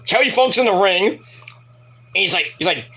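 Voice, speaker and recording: A man's voice: high voice, animated, normal speed, sharp tone, breathy edge. A man reviewing a wrestling show in a casual, profane, rambling and jokey solo commentary.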